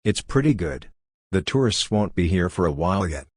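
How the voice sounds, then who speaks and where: Guy voicing a loud fat cowboy bartender, folksy n blunt, real low deep voice. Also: very animated, normal speed, breathy edge, dry recording, clean studio sound, full character voice. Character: fat pimple-faced male cowboy bartender, boisterous.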